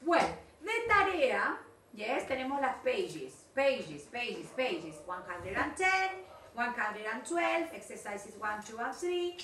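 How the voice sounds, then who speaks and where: Animated, high-voiced woman teaching English. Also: slow. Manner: animated, coaxing, repeats words. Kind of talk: online class, mixing English and Spanish. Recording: echoey room, mic at a distance, faint noise.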